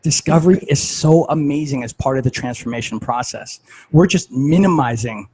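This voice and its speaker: A man's voice: mid-range voice, moderate pace, warm tone, a little hiss or hum, poor audio. A man talking casually as a fitness coach, conversational and full of "like" and "right?".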